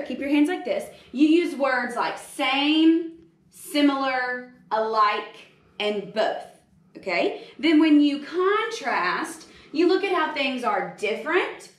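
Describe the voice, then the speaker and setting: A woman third grade teacher reading a story and then giving an upbeat video lesson to children. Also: sits high. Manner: upbeat, explaining with hand gestures. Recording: roomy echo.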